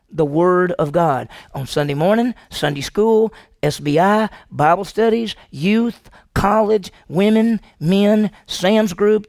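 Preacher guy, high gravelly voice, dry sound, keeps asking the crowd stuff. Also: no echo. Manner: animated, questioning the congregation. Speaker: pastor. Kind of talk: sermon. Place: church sanctuary.

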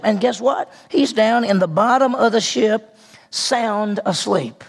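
A man's voice: high voice, slow, creaky. A man preaching a sermon, retelling a scripture story with acted-out voices and rhetorical questions. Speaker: pastor.

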